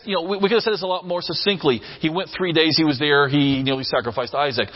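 A man's voice: a little high, muffled recording. A man preaching a sermon, earnest and emphatic, repeating phrases for weight. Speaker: pastor.

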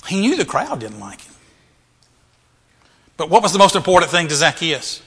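A man's voice: fairly high pitch, very animated, normal speed, pushed and bright, breathy edge. A male pastor preaching a sermon, asking rhetorical questions and repeating phrases for emphasis, in a church. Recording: reverberant hall.

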